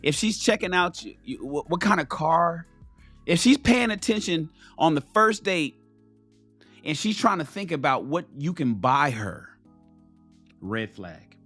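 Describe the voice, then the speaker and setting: A man's voice: fairly high pitch, very animated, unhurried, fairly bright tone, faint music behind. A man hosting a talk show, giving blunt, profane dating advice to other men and repeating key phrases for stress.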